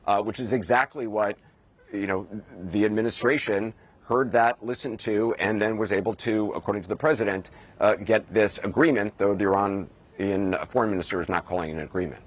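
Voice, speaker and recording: A male news correspondent reporting live, speaking in a halting way with frequent restarts. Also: fairly low pitch. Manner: halting, many restarts and fillers.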